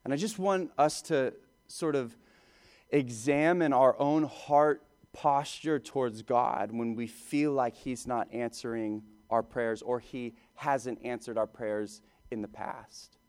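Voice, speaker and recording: A man preaching a sermon as a pastor, talking in a conversational, animated way and sometimes repeating words as he goes. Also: mid-range voice, slow.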